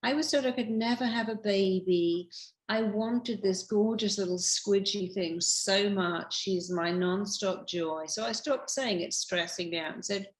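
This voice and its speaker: Older woman, emphatic advice talk, mid pitch, echoey room. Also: measured pace. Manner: emphatic, acts out quoted voices. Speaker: therapist guest on a podcast. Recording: roomy echo.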